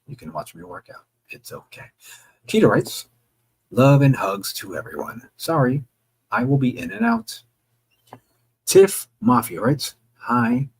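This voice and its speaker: A man's voice: medium pitch, gravelly, slightly rough, poor audio. A man streaming live, reading viewer chat messages aloud and answering them in a casual, joking way with the odd swear word. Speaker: livestreamer.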